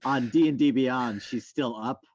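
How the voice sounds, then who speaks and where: A man playing a tabletop game in relaxed, casual talk. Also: mid-range voice, unhurried, crowd noise. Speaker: player. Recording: dull lo-fi sound.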